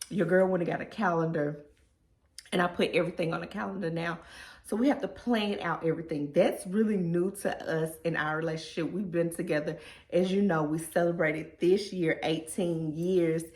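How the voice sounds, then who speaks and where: A woman in a heartfelt, casual vlog. Her voice sits a little low, and she sounds emotional and sincere. The recording has a noticeable room echo. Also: darkish tone. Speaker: vlogger. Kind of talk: reflective personal vlog.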